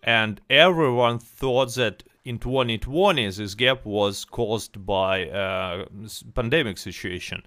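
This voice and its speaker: A man's voice: on the low side, slow, few pauses, bright, forceful tone, dry recording. A man hosting a casual livestream chat, reading viewer questions and interviewing a guest, often repeating words as he restarts. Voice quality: slightly hesitant, repeats words. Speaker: stream host.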